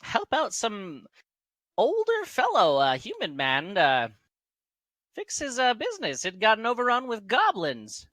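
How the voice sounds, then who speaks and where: A man's voice: high voice, wildly swooping pitch, measured pace, sharp tone, no room sound, pitched above the performer's own voice, heavily acted. A man voicing an easygoing male halfling veteran who reminisces hesitantly with many fillers. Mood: reminiscing.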